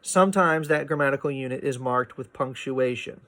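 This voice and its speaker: A man's voice: mid-range voice, normal speed, few pauses, a bit bright. Man explaining poetry with lots of "right?". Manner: explanatory, frequent "right?" and "uh" fillers. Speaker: literature teacher. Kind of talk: recorded poetry lecture.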